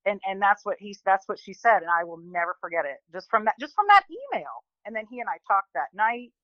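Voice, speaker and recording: A woman in her forties, a guest telling a personal story in an animated, chatty way, often restarting and quoting people. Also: mid-range voice, brisk, no room sound, lo-fi sound. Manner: chatty, animated, many restarts and quoted voices.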